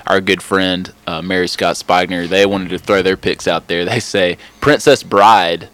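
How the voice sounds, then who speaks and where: Deep-voiced young radio host, joking. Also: male voice, fairly even intonation, unhurried, a bit bright, no echo. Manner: loose and joking, steering the segment. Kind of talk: casual radio chat. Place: college radio studio. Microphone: studio mic.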